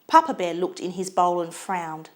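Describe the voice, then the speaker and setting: A woman reading a children's storybook aloud in an expressive, lilting way. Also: fairly low pitch, moderate pace.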